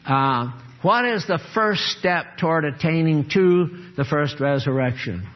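An older man preaching a sermon, earnest and emphatic, dropping low and grave, then rising to exhort. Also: lively intonation, a little slow, lo-fi sound.

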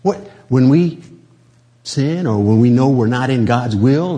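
Male lay preacher, relaxed sermon style, mellow husky voice, acts out quotes. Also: medium pitch, measured pace. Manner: conversational, acts out quoted voices, chuckles often. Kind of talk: informal sermon.

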